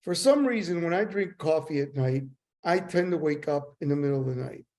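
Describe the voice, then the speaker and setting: Animated older man telling stories. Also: on the high side, fairly quick. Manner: animated, acts out dialogue. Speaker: guest. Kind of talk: storytelling interview.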